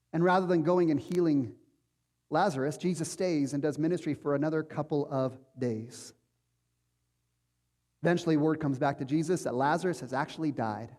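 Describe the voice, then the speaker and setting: A man's voice: on the high side, normal speed, darkish tone, big-room sound. A man preaching a sermon as pastor, conversational and emphatic, asking rhetorical questions of his congregation. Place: church sanctuary.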